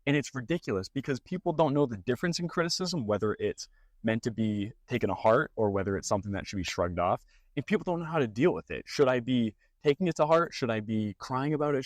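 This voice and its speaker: A man's voice: medium pitch, fast, no room sound. A young man, casually telling stories and giving advice as a content creator, acting out mocking voices. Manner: animated storytelling with mocking put-on voices. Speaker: fitness and gaming content creator. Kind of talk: casual talking-head advice.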